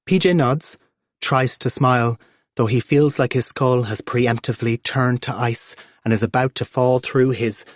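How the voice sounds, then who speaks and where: A man's voice: mid-range voice, fairly even intonation, unhurried, no room sound, studio quality. A man narrating an audiobook, shifting his voice for the characters.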